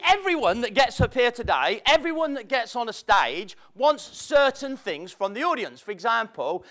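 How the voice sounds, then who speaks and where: This man's voice is extremely high with a fairly bright tone as he gives a self-mocking, conversational motivational talk. Spontaneous stories draw laughter from the audience in the seminar room.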